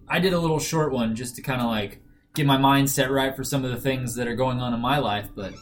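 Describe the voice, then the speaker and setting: Earnest, reflective man in casual chat. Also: mid-range voice. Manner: earnest and reflective, with dry asides.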